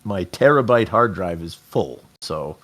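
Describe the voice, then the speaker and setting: Podcast host, male, lowish voice, loose rambling delivery. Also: expressive, unhurried, a bit bright. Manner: rambling, restarts mid-sentence. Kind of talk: casual interview chat.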